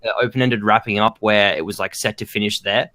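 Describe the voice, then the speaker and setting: Young dude cohosting a podcast, talks quick, lots of "like"s, teasing. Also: male voice, fairly low pitch, steady tone, bright, forceful tone. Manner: rambling, filler-heavy, teasing. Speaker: podcast co-host. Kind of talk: casual chat.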